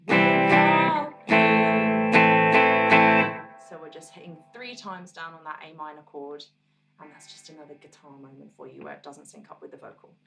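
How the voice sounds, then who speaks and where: A woman musician teaching her own song on guitar, explaining parts in a relaxed, encouraging way and counting beats aloud. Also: low-pitched, quick pace, creaky, recorded from a distance.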